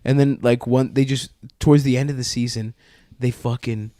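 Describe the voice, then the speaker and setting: A man's voice: mid-range voice, fairly even intonation, moderate pace, mellow, no echo. A young man tells a story on a podcast in a loose, rambling, profane way. He restarts his sentences as he goes, and his voice sits in a middle range. The sound is dry and close. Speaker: podcast co-host. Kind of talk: casual storytelling chat.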